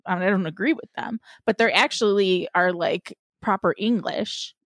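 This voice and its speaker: A woman's voice: mid-range voice, normal speed, dry recording, clean studio sound. A woman in casual chat, frank and swearing, with lots of "like" fillers.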